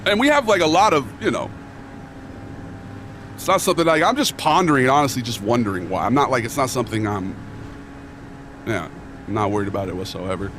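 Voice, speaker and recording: A man's voice: mid-range voice, animated, a little fast, pauses often, fairly bright tone, slight background noise. A young man streaming live and chatting casually, full of slang, rambling and reading chat aloud.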